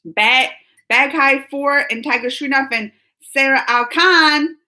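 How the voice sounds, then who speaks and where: Woman host, casual live-chat reader, giggly and chatty, high bright voice. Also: slow. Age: adult under 45. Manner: chatty, giggly, reads comments aloud. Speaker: reaction channel host reading live chat.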